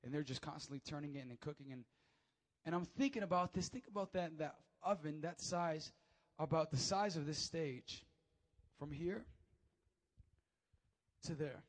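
A young man preaching a sermon from a church stage, animated and acting out the quotes as he tells the story. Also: a little high, normal speed, long pauses. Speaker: pastor. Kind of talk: lively sermon. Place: church stage before a congregation.

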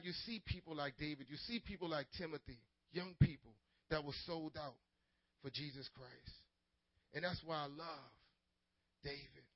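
A man preaching an energetic call-and-response sermon to teenagers as youth pastor, telling stories dramatically. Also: fairly high pitch, no room sound. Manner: dramatic storytelling, swings from loud to hushed. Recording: dull lo-fi sermon recording.

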